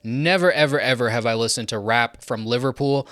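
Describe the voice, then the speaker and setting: A man's voice: medium pitch, a little fast, sharp tone, no room sound. A young adult man ranking his favourite albums of the year, talking casually and enthusiastically with frequent fillers. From not English. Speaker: music reviewer.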